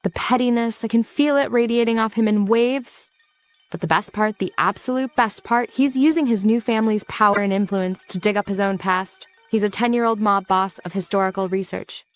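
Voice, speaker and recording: A woman's voice: medium pitch, moderate pace, soft background music. Campy sarcastic woman narrating a recap. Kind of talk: scripted narration.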